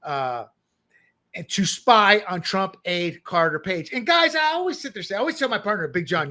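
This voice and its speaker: A man co-hosting a political talk show, animated and joking, often restarting his words. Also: sits high, moderate pace. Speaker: podcast co-host. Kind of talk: political commentary chat.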